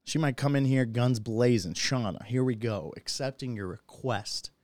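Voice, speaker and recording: A man hosting a casual live-streamed podcast, chatty and excitable, laughing often. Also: mid-range voice, normal speed, no room sound. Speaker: podcast host. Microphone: phone or computer mic on a live stream.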